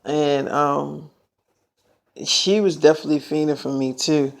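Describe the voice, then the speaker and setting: A man's voice: a little high, steady tone, unhurried, vocal fry. A man telling a made-up story in a casual, slangy, rambling way, full of fillers.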